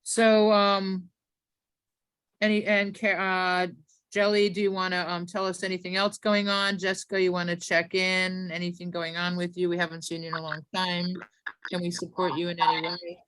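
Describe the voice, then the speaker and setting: A woman's voice: on the low side, flat delivery, normal speed, a bit bright, smooth, no room sound. A woman from South Florida hosting a casual online group call, chatty and full of fillers and restarts.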